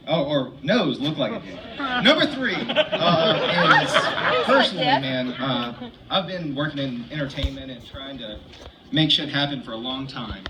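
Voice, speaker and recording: A man in the audience eagerly asking a string of joking questions, stumbling now and then. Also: mid-range voice. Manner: eager, joking, hesitant with fillers. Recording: distant, noisy live audience recording.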